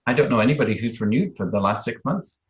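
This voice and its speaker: A man chatting casually on a call, speaking in a measured, soft-spoken way. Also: mid-range voice, lively intonation. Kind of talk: casual chat. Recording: roomy call audio.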